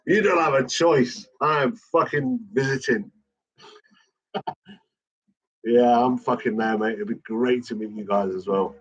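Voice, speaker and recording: A middle-aged man, chatting casually, swearing constantly and talking in a raw, halting way. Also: medium pitch, fairly bright tone, slightly rough, lo-fi sound. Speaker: channel host. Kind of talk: casual chat.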